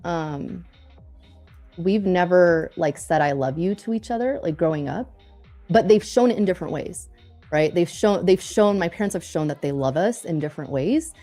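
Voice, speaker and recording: A young woman co-hosting a live trading stream, chatting casually and telling animated stories with frequent laughter while she trades. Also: fairly low pitch, normal speed, soft background music.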